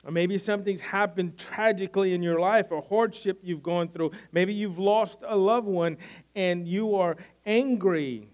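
A pastor preaches a sermon in an earnest, conversational way, often restarting his phrases. His voice sits high, a little mellow, and unhurried.

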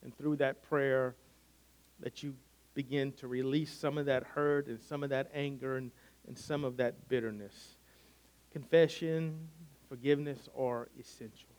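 A man's voice: mid-range voice, steady tone, measured pace, a little mellow. A man preaching a sermon in an earnest, conversational way, often restarting his phrases. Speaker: pastor.

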